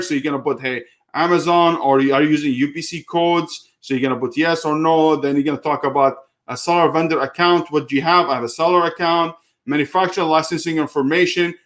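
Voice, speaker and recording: A man's voice: on the high side, a bit bright. A man talking casually through a step-by-step online seller tutorial, with frequent fillers and a heated edge. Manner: casual, many fillers, gets heated retelling a call. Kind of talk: screen-share tutorial with live Q&A.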